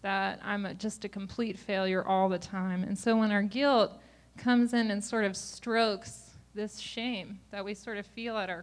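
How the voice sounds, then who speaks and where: A woman speaking to a group of parents in a live class, candid and self-mocking and often laughing. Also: mid-range voice.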